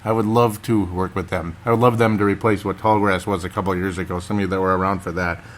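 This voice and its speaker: A man's voice: low-pitched, steady tone, fast. A man hosting a casual solo podcast, rambling and chatty, laughing often and talking straight to his listeners. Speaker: podcast host.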